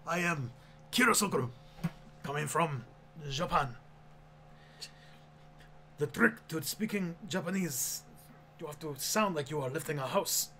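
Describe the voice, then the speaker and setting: A man's voice: a little high, lively intonation, a little slow, pauses often, sharp tone, a little hiss or hum, full character voice. A man voicing an adult man with a stereotyped mock Japanese accent in a stilted, declaiming way. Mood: boastful.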